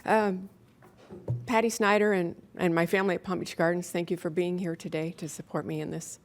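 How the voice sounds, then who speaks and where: A woman's voice: lowish voice, fairly even intonation, fairly quick. A woman chairing a county commission meeting as mayor, speaking in emotional, chatty thank-yous and correcting herself as she goes. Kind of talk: emotional thank-you remarks.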